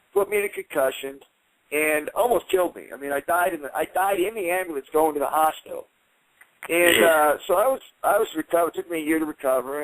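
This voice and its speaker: A middle-aged man, a guest fighter, telling a story on a radio show with animated delivery, swearing and acting out the voices of others. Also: a little high, no room sound, poor audio. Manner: swears, acts out quoted voices. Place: radio studio.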